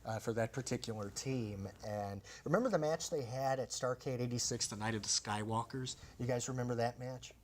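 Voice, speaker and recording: A man of middle pitch leads a loose panel conversation, telling stories with energy and drawing the others in with questions. Faint ambient noise sits behind him. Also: brisk, few pauses. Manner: animated storyteller, asks others questions. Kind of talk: casual panel chat.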